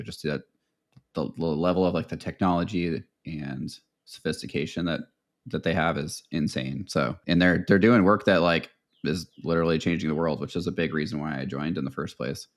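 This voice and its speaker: Very low-voiced man chatting as a guest. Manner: relaxed, enthusiastic, talks in long run-on answers. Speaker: podcast guest, web designer. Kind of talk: casual interview chat.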